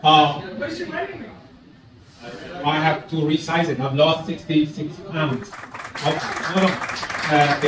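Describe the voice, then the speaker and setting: Older guy doing standup, high voice, roomy club, a bit off mic, crowd laughing. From Iran. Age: 60s. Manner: animated, acts out voices in jokes. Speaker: stand-up comedian. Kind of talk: stand-up comedy set. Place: comedy club stage. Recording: roomy club sound from a distance, audience laughter.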